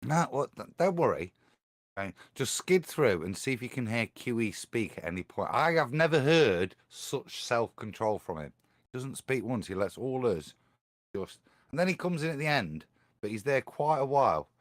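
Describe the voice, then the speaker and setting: A man on a live-stream panel chatting in a rambling, animated way. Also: mid-range voice, moderate pace, no echo. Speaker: panel guest.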